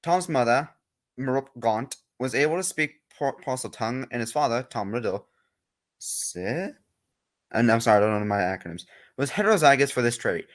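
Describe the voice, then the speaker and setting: A man's voice: medium pitch, animated, normal speed. A man in a class reading a problem aloud, hesitant and apologetic and stumbling over words.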